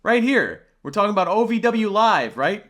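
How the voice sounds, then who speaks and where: A man's voice: high voice, big pitch swings, moderate pace, fairly bright tone. A man reviewing a channel on screen, talking through it in an exasperated, critical way and firing off rhetorical questions. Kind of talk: screen-share commentary.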